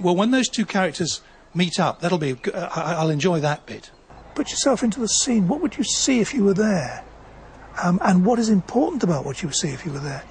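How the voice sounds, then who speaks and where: A novelist talking about the craft of writing in a measured, wry way. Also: male voice, fairly high pitch, slightly rough. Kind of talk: reflective talk on writing.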